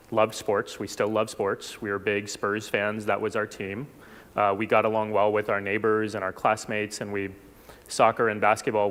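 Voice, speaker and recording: Man telling a story in a reverberant hall. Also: fairly low pitch. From South Texas. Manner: reflective, unhurried, with small restarts. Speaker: speaker at a church forum. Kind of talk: personal storytelling talk.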